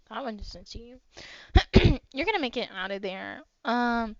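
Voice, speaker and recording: A woman's voice: a little high, expressive, a little slow, darkish tone, dry recording. A young woman narrating as game master of a tabletop game, rambling with lots of fillers. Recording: dry, dull lo-fi mic.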